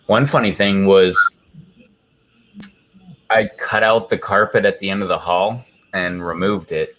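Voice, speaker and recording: A man's voice: sits low, normal speed, fairly bright tone. A man chatting casually on a live stream from his home, rambling through a story with lots of fillers. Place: home, indoors.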